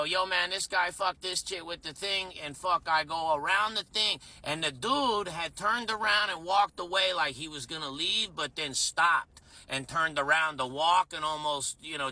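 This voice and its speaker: Bright-voiced profane bartender telling a story. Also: male voice, high voice. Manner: profane, rambling, self-mocking. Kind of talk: casual storytelling.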